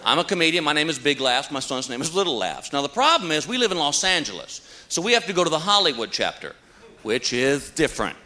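A man's voice: a little high, fast. A man doing stand-up comedy, telling stories animatedly and acting out the characters. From Texas. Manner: animated storytelling, acts out characters. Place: stage before a live audience. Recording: live show with audience laughter. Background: audience laughter and noise.

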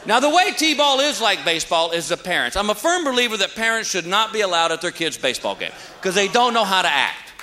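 A man's voice: sits high, brisk, few pauses. A man doing stand-up comedy, telling stories animatedly and acting out the characters. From Texas. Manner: animated storytelling, acts out characters. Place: stage before a live audience. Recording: live show with audience laughter. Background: audience laughter and noise.

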